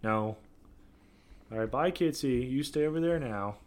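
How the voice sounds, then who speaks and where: Young male podcast host, playful and jokey, mid-pitch. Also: lively intonation, unhurried. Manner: joking, laughs often, playful sing-song riffs. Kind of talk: casual chat.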